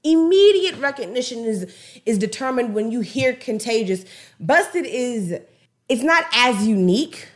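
A woman giving casual, slangy music commentary in an animated way, retelling a song's story. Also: a little high, a little slow. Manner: animated, slangy, acts out song dialogue.

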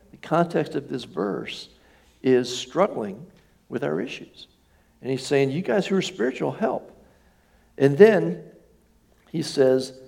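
Gravelly-voiced male pastor preaching. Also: fairly high pitch, a little mellow. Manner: conversational preaching, asks the congregation questions. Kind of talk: sermon. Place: church sanctuary.

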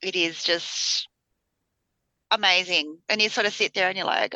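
A woman's voice: fairly low pitch, steady tone, measured pace, bright, forceful tone, no room sound, lo-fi sound. A woman co-hosting a spiritual podcast, talking casually with lots of fillers and restarts. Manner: rambling, many fillers and restarts. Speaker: podcast co-host, spiritual healer. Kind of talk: casual chat.

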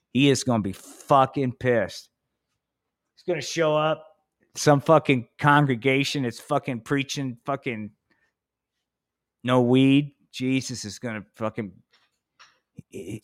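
Male podcast host, casual rambling, profane, dry close sound, medium pitch. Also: clear, resonant tone, no room sound. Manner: rambling, profane, laid-back. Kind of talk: casual live podcast chat.

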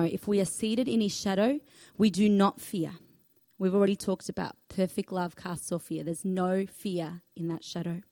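A woman's voice: mid-range voice, darkish tone, no echo. A woman pastor, preaching a sermon in an earnest, emphatic way, repeating key phrases and inviting the congregation to speak along.

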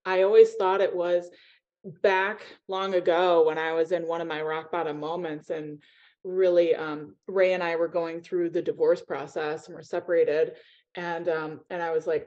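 A woman opens up about her life as a podcast guest, speaking in an emotional, candid way with plenty of "um" and "like." Her voice comes through a muffled, lo-fi line that dulls the highs. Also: flat delivery, normal speed, a little mellow. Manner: emotional, open, lots of "um" and "like". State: teary-eyed. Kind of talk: heartfelt personal storytelling. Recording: dull lo-fi sound.

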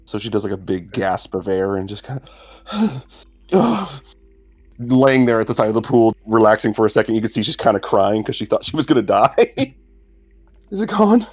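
A man's voice: fairly low pitch, fairly even intonation, quick pace, few pauses. A man playing a tabletop game, casually describing what his character does. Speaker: player.

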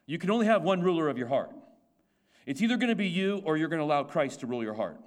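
A pastor delivers a Sunday sermon in a strikingly high, sing-song voice, talking fast. He poses rhetorical questions to the congregation and drives his points home through repetition. He often stumbles into restarts while working through each thought.

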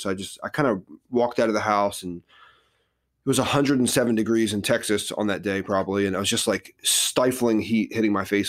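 Earnest low-voiced man telling his story. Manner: earnest and reflective, many "like" fillers. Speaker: podcast guest, author. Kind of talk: podcast interview, personal storytelling.

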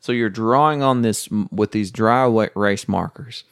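A man's voice: fairly low pitch, moderate pace, clean tone. A man from the United States hosting a casual board game chat, rambling with wry asides. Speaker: podcast host.

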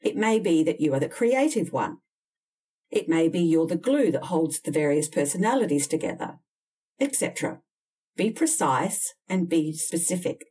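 A woman's voice: fairly low pitch, lively intonation, normal speed, dark tone, breathy edge, recorded from a distance. A woman coaching people on job interviews, giving direct, emphatic, candid advice in an instructional talk. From Australia.

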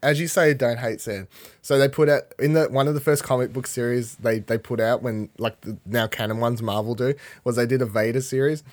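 A man's voice: medium pitch, steady tone, fairly quick, a little mellow. A man co-hosting a podcast in casual chat, swearing often and telling stories with animation. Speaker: podcast co-host.

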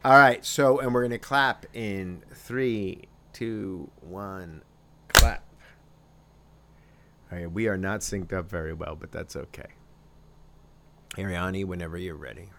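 Casting: male podcast co-host, very low voice, easygoing and jokey, a little background hiss. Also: measured pace, vocal fry. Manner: relaxed, joking, runs the recording cues. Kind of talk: casual chat.

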